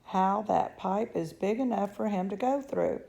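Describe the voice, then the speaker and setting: A woman's voice: medium pitch, unhurried, gravelly, mellow. Woman doing a stolid, unbothered father. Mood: deadpan.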